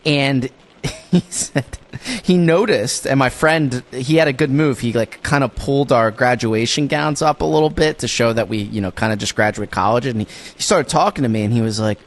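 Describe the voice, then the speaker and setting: A man's voice: mid-range voice, moderate pace. A young man co-hosting a podcast, telling rambling stories in casual chat, often repeating his words. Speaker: podcast co-host.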